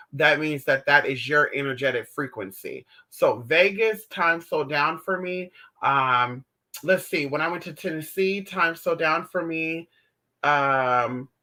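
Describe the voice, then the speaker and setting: A man hosting a casual livestream, answering viewer chat in a sassy, animated way, calling his viewers honey and swearing freely. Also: a little high. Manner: theatrical outbursts while retelling stories.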